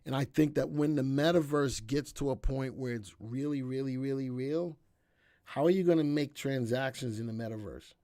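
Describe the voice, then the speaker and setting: Guy doing a live stock analysis stream, talks fast and chatty, keeps going "all right?", dry close sound, middle pitch. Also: no echo. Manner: chatty and energetic, often checking in with "all right?". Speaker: stock market show host.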